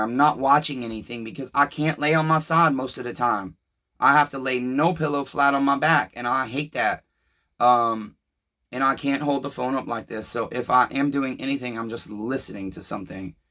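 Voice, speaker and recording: Give me a frustrated man in pain, rambling and cursing in a bright voice. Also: medium pitch. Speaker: vlogger. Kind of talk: casual confessional vlog.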